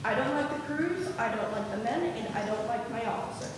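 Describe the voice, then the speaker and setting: A woman's voice: on the high side, animated, fairly quick, lightly acted. Woman as a blunt, stern ship's captain. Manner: plain-spoken, disapproving. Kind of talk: high school stage acting. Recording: distant echoey hall, noisy.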